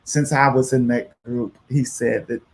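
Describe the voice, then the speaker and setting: At a measured pace and in a mid-range voice, an American musician appears as a radio show guest and spins a long story. He stays animated, acting out quotes in different voices and leaning heavily on fillers like "you know."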